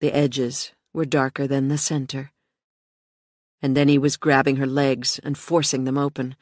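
A narrator reading an audiobook in a steady, measured way. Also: medium pitch, no echo, clean studio sound.

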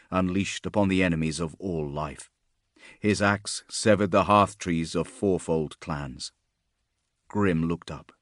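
A man reading fantasy fiction aloud in a steady, measured narration. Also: sits low, no echo, clean studio sound. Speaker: audiobook narrator.

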